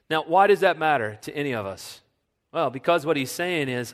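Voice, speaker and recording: A man preaching a sermon as a pastor, earnest, sinking to a soft hush when he speaks God's words. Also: a little high, expressive, normal speed. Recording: long reverb of a church hall.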